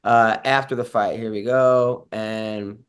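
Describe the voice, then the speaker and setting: A man's voice: fairly low pitch, fairly even intonation, takes it slowly, clear, resonant tone. A man co-hosting a podcast, telling stories and acting out quotes in casual banter. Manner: storytelling, mimicking quotes. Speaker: podcast co-host.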